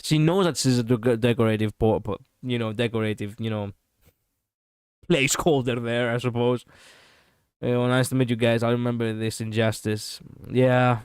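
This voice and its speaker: A man streaming a game, commenting casually in an excitable, profane, ranting way on a close mic. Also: mid-range voice, moderate pace, clear, resonant tone, no echo.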